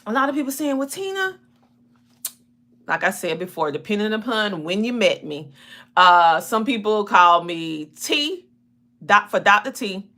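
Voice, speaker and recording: A woman with a Southern twang talks casually on her live stream. Her voice is bright and forward, and she keeps the chat lively and personal, calling out to viewers as they come in. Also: medium pitch, normal speed. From South Carolina. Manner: lively, chatty, greets viewers by name.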